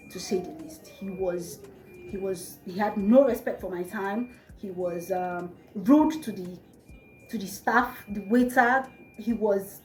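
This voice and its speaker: A young woman telling a storytime vlog to her viewers, chatty and animated. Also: medium pitch. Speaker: vlogger. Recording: roomy with faint music.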